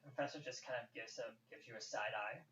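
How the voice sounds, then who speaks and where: A man's voice: mid-range voice, fast, bright, forceful tone. A man narrating a tabletop game as game master, speaking loosely with many fillers. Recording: echoey room, distant dull mic, faint hiss.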